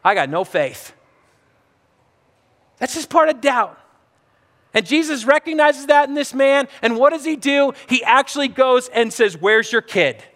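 Male pastor, high voice, animated sermon delivery, acts out quotes, long hall echo. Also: normal speed.

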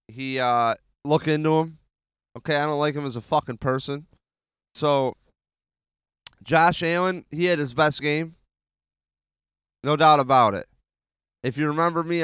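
A man hosting a casual sports podcast, swearing often and rambling excitedly with restarts, speaking into a handheld mic. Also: fairly high pitch, clean tone, dry recording, clean studio sound. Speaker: podcast host.

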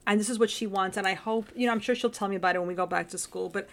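Woman co-host, casual chat, relaxed soft-spoken storyteller. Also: medium pitch, racing.

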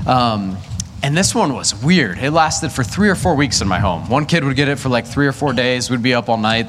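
A man's voice: mid-range voice, noisy background. Man preaching through a candid family story. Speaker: pastor. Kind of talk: sermon with personal story.

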